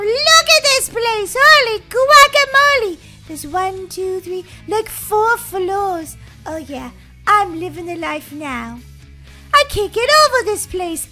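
Woman as a squeaky, over-the-top game-story girl, bright and animated. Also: full character voice. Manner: theatrical, swinging between gloom and glee. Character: excitable, dramatic girl who misses her sister. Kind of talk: Roblox roleplay storytelling.

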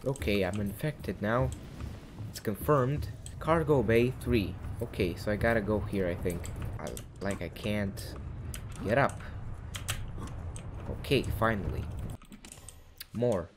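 A man's voice: on the low side, slow, long pauses, noisy background. A young man giving casual commentary over a game, reading in-game text aloud with joking asides. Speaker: gaming channel host.

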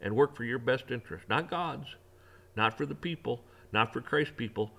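A man's voice: mid-range voice, normal speed, creaky, fairly bright tone. A man giving a ranting opinion monologue, preachy and emphatic, repeating phrases and swearing as he preaches about faith. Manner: religious preaching tone. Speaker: online commentator.

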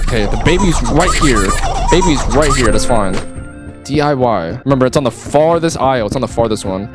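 A man doing excitable let's play commentary at his gaming setup, trash-talking game characters and yelling when startled. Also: mid-range voice, moderate pace, over loud music. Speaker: gaming YouTuber.

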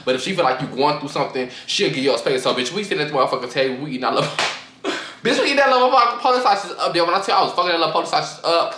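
A man's voice: fairly high pitch, racing, sharp tone, slight background noise. A young man telling a storytime on his vlog, sassy and profane, mimicking his friends' voices as he goes. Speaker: storytime vlogger. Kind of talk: casual storytime rant. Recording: roomy echo.

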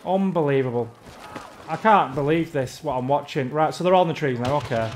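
A man's voice: fairly high pitch, fairly quick, noisy background. A man ranting in exasperation while commentating his own gameplay. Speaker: gamer.

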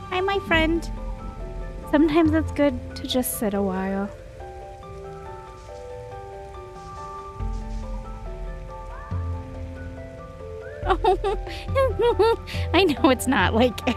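A young woman giggling and chatting as she plays through a cozy adventure game. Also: mid-range voice. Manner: giggly, chatty, easily moved. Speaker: gamer. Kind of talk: let's play commentary.

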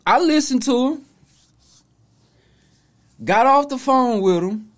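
A man's voice: extremely high pitch, expressive, slow, long pauses. A man hosting a podcast, delivering an opinionated commentary monologue in casual slang, mocking and preachy. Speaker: podcast host.

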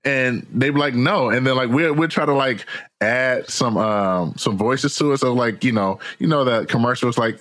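An American man, a podcast guest and author, telling stories in a casual, slangy, animated way and laughing often. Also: mid-range voice, moderate pace. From United States. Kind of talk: casual interview chat.

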